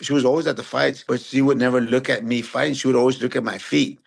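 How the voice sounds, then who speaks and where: Man, fifties, from San Antonio, podcast guest, gravelly, husky, animated storytelling. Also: mid-range voice, fast. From San Antonio, Texas. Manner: relaxed, animated storyteller who acts out quotes. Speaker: podcast guest, retired boxer. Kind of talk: casual interview storytelling.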